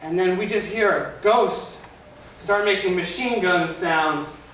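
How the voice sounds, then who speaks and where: A man's voice: sits high, slow, fairly bright tone. A young man doing a rambling stand-up comedy set in a club, loose and full of filler words. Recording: echoey club from a distance with noise.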